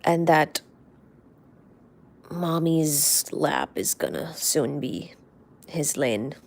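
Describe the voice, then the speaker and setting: Woman streamer, unhurried fond rambling, gravelly fry, trails off to near-whispers. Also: deep voice, animated, slight background noise. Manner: soft, affectionate, rambling, often drops to a near-whisper. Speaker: livestream host. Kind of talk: casual live-stream chat about her cats.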